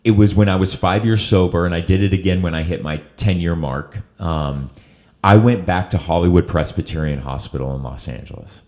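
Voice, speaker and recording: A man's voice: low-pitched, a little fast, a little mellow. A middle-aged man hosting an interview, telling a personal story in an earnest, emotional way. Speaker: host.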